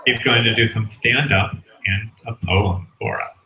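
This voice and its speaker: A man's voice: lowish voice, a little slow, pushed and bright, slight background noise. A man hosting an open mic night, casually introducing the next performer. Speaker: host. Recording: echoey room from far off.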